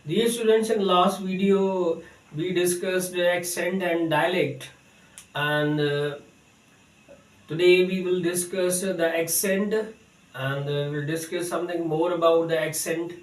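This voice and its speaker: A man teaching an English lesson to students, speaking haltingly with many fillers. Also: high-pitched, steady tone. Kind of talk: recorded English lecture. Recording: echoey room, distant mic.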